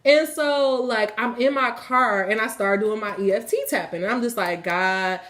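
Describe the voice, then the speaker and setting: A woman hosting a spiritual reading, telling a personal story in casual, animated speech with lots of swearing. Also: on the high side, normal speed. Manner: animated, swearing freely, colloquial.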